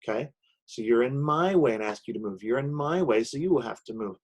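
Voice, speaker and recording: A man's voice: medium pitch, animated, a little fast. A man teaching a recorded online lesson while sharing his screen, explaining step by step with frequent "okay?" check-ins and "um" fillers.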